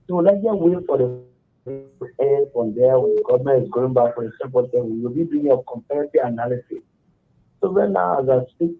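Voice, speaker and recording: A man with a Liberian English accent calling in to a radio show, speaking in a measured, hesitant way. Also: a little high, husky. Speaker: caller. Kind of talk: call-in radio comment. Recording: muffled phone line.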